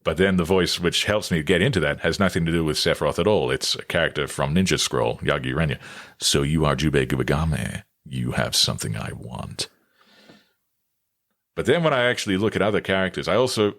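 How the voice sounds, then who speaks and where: A man's voice: low-pitched, fast talker. A man, a voice actor telling stories in an interview. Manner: animated, slips into character voices. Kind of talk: guest interview clip.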